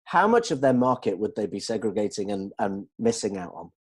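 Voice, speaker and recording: A man explaining communication ideas to colleagues in an animated way, checking that they follow. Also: on the low side, brisk, breathy edge. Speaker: dental communication trainer. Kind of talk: explanatory discussion.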